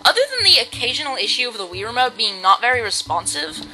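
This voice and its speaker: A woman's voice: on the high side, very animated, fast talker, rough recording. Rambling woman over game music. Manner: rambling, hesitant, full of restarts and "like". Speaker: let's play host. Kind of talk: casual gameplay commentary.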